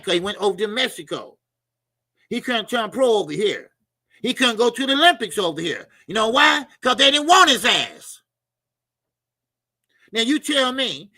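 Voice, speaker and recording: Man, middle-aged, livestream host, bright tense tone, dry close sound, profane and laughing. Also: sits high, no room sound. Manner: loose and profane, laughing, reading out viewer comments and donations. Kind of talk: casual livestream chat.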